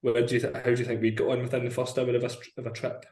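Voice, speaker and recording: A man's voice: medium pitch, completely flat delivery, racing, darkish tone. A man co-hosting a casual podcast, chatty and rambling, laughing often as he talks. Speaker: podcast co-host. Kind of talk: casual banter. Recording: roomy echo.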